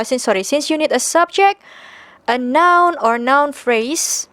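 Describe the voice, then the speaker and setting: A woman's voice: high voice, fairly bright tone, no room sound. A woman teaching a recorded English grammar lesson, explaining patiently step by step with fillers and self-corrections; her first language is Indonesian.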